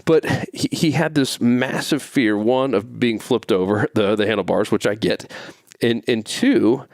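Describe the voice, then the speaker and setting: A man's voice: medium pitch, unhurried, creaky, dry recording. A man hosting a casual faith podcast, telling a story in a rambling way with many restarts. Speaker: podcast host.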